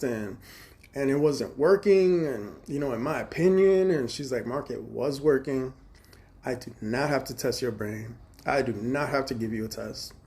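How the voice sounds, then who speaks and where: Chicago guy on a phone live stream, cussing a lot, telling a long story and doing both sides of the talk, normal mid pitch. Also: darkish tone. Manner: profane, fast-shifting, quotes others in dialogue. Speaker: livestream host. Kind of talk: rambling storytelling monologue.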